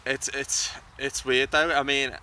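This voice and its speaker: A man's voice: medium pitch, little pitch movement, unhurried, pushed and bright, clear, resonant tone. A young man talking casually as an interview guest, hesitant and often repeating words as he thinks, outdoors by a bridge. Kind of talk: casual chat.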